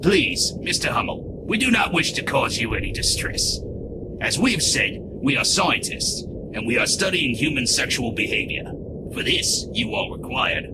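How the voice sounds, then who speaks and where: Clinical alien, played by a man, whispery, polite, mid voice, loud noise. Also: mid-range voice, sing-song, normal speed, close to an everyday voice. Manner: formal, clinical. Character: calm male alien scientist, polite and clinical.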